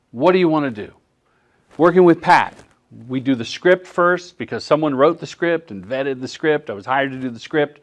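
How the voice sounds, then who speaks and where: A middle-aged man, a commercial director, giving a live workshop talk as an animated storyteller. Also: on the high side. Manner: animated storyteller who acts out quotes.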